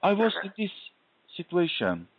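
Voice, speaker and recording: A man sharing a faith testimony in an interview, telling his story earnestly and deliberately. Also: sits high, wildly swooping pitch, breathy edge, no room sound. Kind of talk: conversational interview, personal testimony. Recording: dull lo-fi recording.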